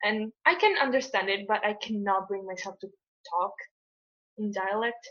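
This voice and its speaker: A woman's voice: medium pitch, moderate pace, a bit bright. Young woman from italy chatting loosely, lots of um and like, kinda dull lo-fi sound. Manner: rambling, many fillers and restarts, laughs often. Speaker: guest co-host. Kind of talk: casual conversation. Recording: lo-fi dull audio.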